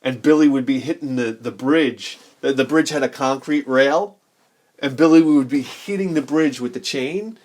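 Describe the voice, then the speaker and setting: A man's voice: mid-range voice, moderate pace, a little mellow. A man in his forties, a game collector telling rambling childhood stories while showing his games, laughing often and acting out the people he quotes. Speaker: video game collector vlogger.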